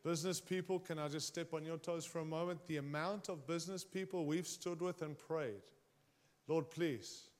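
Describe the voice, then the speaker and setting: A man preaching a sermon, speaking emphatically and straight to his congregation, swinging his pitch and volume widely. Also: steady tone, brisk, few pauses.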